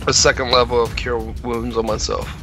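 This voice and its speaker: A man playing a tabletop game, stating his moves in a relaxed, matter-of-fact way. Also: medium pitch, brisk, faint music behind. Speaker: player. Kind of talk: casual tabletop play.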